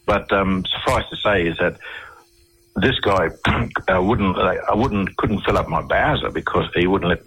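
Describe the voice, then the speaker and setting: Australian man, middle-aged, deep husky voice, halting storyteller, interview guest. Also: a bit bright, poor audio. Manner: halting, with many restarts and repeated words.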